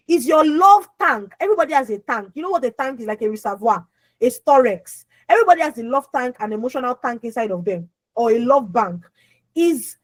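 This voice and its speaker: A young adult woman with a naturally loud voice, coaching an audience on a video call. She is emphatic, repeats words and keeps asking her listeners questions. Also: sits high, dry recording, rough recording. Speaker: emotional healing coach. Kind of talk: lively motivational talk on an online call.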